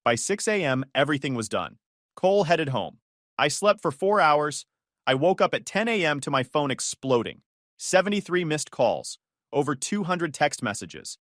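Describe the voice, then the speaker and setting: A male narrator reads a first-person story in a calm, matter-of-fact manner. His pitch moves a lot, and the sound is close and dry. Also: normal speed, no room sound.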